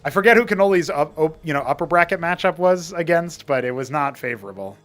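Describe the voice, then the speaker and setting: A male esports caster with a somewhat high voice, talking through a live match in a chatty, rambling way that turns excitable when fights break out. Soft music runs underneath. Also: fairly quick. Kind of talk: live tournament play-by-play commentary.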